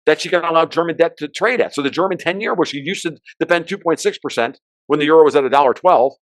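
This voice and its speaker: A man with a high-pitched voice rants through political and market commentary as a podcast guest. He talks fast and swears freely, breaking into sudden loud outbursts. The sound is dry and close. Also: no echo. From United States.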